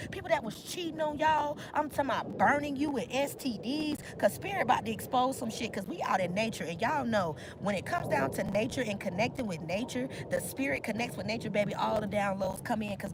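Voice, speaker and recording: Woman tarot reader, high bright voice, emphatic and slangy, noisy outdoor take with traffic. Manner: emphatic, slangy, repetitive affirmations. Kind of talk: casual tarot reading monologue. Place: outdoors in nature.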